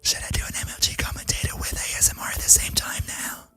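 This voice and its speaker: A man putting on a breathy ASMR whisper for a whispered role-play, hushing an excited esports commentary as a game streamer. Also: fast talker, no room sound. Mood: hushed hype. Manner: hushed, playful hype.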